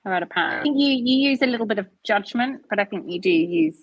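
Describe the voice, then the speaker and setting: Breathy West Country woman, chatty. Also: a little high, lively intonation, dry recording, highs cut off. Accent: West Country English. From Dorset, England. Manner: chatty, playful, quick to laugh. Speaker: podcast co-host. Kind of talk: casual chat.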